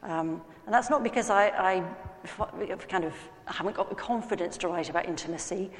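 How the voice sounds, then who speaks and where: Lady novelist giving a talk, lowish voice, chatty and self-mocking, hall echo all around. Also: moderate pace. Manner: self-deprecating, chatty storytelling. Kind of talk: anecdotal talk to an audience. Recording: echoey hall.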